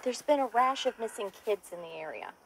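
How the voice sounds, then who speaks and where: A woman's voice: fairly high pitch, animated, fairly quick, slight background noise. Dry, no-nonsense woman investigator. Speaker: cemetery night-shift worker turned investigator. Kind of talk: short horror-comedy film acting.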